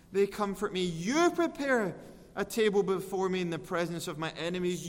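A man with a high, light voice preaches at a slow, deliberate pace. He is earnest and lets his voice swell on the scripture lines. His voice carries a long reverb, like a large church hall. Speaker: pastor. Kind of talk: sermon.

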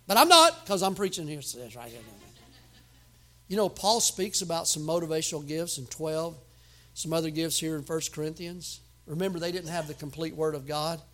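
High-voiced emphatic preacher man. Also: steady tone, moderate pace. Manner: emphatic preaching with sudden loud outbursts and humor. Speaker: pastor. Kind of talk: sermon.

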